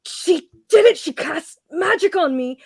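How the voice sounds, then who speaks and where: A woman voicing a loud, sore-losing male fighter in a military uniform, shouting shrill accusations. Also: lively intonation, measured pace, exaggerated voice. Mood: indignant.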